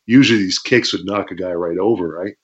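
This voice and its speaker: A man with a fairly low voice tells his old wrestling stories as an interview guest. He acts out the yells and crowd roars as he goes and laughs between lines. The sound is dull and lo-fi. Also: fairly quick. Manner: animated storytelling, acts out shouts and crowd noises, laughs often. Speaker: guest, former pro wrestler. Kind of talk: storytelling interview.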